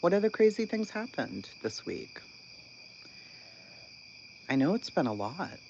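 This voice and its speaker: Man, casual commentary, incredulous, laughing a lot, slow drawl, dull lo-fi sound, crickets and insects chirping behind. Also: sits high. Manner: animated, incredulous, laughing often. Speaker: channel host. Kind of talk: casual commentary on online drama. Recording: dull lo-fi sound with constant background noise.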